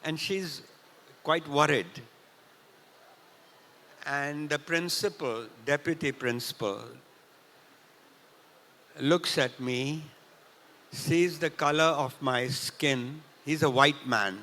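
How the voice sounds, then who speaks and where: An older man from Punjab tells a story at a festival talk, often clearing his throat. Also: a little high, bright, forceful tone. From India, Punjab. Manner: clears throat often, unhurried anecdotal retelling. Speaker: festival speaker. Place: large hall at a literature festival. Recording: reverberant hall.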